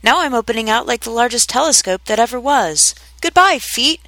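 A woman's voice: fairly high pitch, fast talker, a bit bright, dry recording, voice pushed up, rough recording. A woman voicing a curious, fretful little girl who chatters and wonders aloud to herself in a storybook reading.

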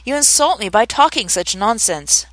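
Woman narrator doing a small, proud storybook mouse; sharp and huffy, in a dry, close read. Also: fairly high pitch, animated, moderate pace, no room sound. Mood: indignant. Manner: sharp, offended, sighing. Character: touchy, proud little mouse. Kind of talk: audiobook character reading.

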